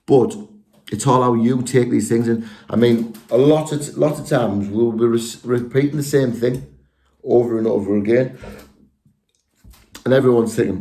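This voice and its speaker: A man's voice: medium pitch, moderate pace, warm tone. A man speaking to viewers in a casual, rambling monologue, earnest and often restarting his sentences. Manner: rambling, self-correcting, earnest. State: out of breath. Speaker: spiritual video speaker.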